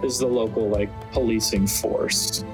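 A man's voice: on the low side, fairly even intonation, moderate pace, over music, rough recording. A man narrating as game master, rambling with many fillers and restarts.

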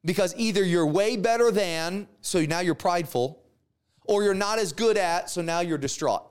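A man teaching a Bible class in a casual, animated way, retelling stories with slangy asides and acted-out characters. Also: high-pitched, normal speed, clean tone.

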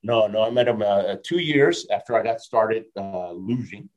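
A man in his fifties, a motivational speaker telling stories as an interview guest, lively, laughing often and ending lines with a quick "right?". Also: fairly low pitch, highs cut off. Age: 50s. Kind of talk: storytelling in a casual interview.

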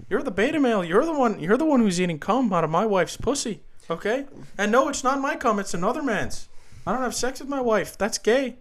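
A man puts on a preachy male professor who lectures and rants crudely. The voice sits high for a man, hectoring the listener in a comedy podcast impression. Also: expressive, brisk. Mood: lecturing rant.

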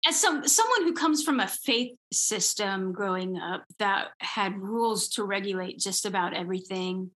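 A woman's voice: medium pitch, expressive, moderate pace, hardly any pauses, a bit bright. A woman, a composer and musician, talking earnestly as an interview guest and explaining her views with examples. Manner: earnest, explains with examples, occasional light laughs. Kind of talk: conversational interview.

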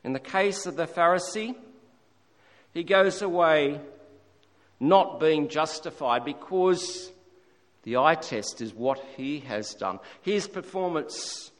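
A man preaching a sermon in a church, slow and emphatic, repeating key words. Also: on the high side, animated, a bit bright. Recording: echoey hall reverb.

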